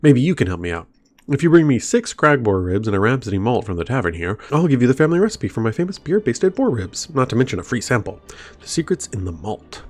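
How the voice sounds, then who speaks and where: A man's voice: mid-range voice, big pitch swings, fast, darkish tone. A man reading the lines of a hearty male dwarf tavern keeper from a game, folksy and eager.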